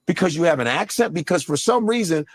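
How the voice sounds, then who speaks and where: A comedian guest in casual chat, talking in an animated, profane way. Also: male voice, on the high side, fast talker, no room sound. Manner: animated, profane, slips into mock voices.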